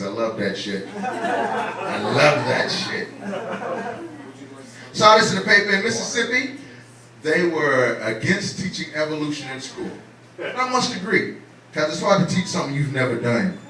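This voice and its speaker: A man performs a profane, streetwise stand-up set on a club stage, firing rhetorical questions at the crowd in a medium-pitched, expressive, fairly quick voice. Captured from far off in an echoey club, the audience can be heard laughing.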